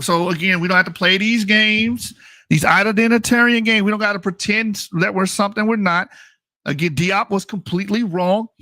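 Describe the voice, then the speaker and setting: A man's voice: high-pitched, sharp tone, dry recording, clean studio sound. A man hosting a channel, giving blunt, mocking and profane commentary as he reacts to results on screen. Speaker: channel host.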